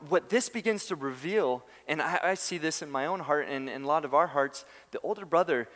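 A man preaching a sermon, telling a story with lively acted-out quotes and laughing asides. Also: fairly high pitch. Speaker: pastor. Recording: long hall reverb.

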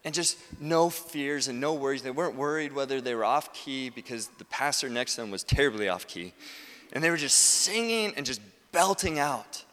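Male pastor, earnest sermon delivery, forceful peaks, bright tone, reverberant sanctuary. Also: mid-range voice, expressive, normal speed. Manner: earnest, builds to forceful emphasis. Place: church sanctuary. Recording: long reverb from a large hall.

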